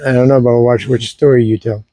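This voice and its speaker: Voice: medium pitch, steady tone, a little fast, dark tone, dry recording. A co-host adding dry, teasing comments during a casual chat.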